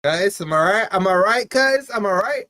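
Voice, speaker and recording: A chatty man hosts a live football watch-along stream. He teases his viewers in loose, casual banter and then snaps into quick bursts of match commentary. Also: high-pitched, animated, bright, forceful tone, no room sound, studio quality. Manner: chatty, teasing, jumps between quiz talk and play-by-play. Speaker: fan channel host doing live match watch-along.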